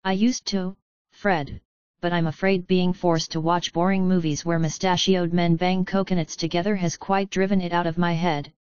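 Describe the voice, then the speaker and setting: A woman voicing a young man, a wizard twin with wry, deadpan banter. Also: sits high, moderate pace, clean tone, dry recording, dull audio, natural voice.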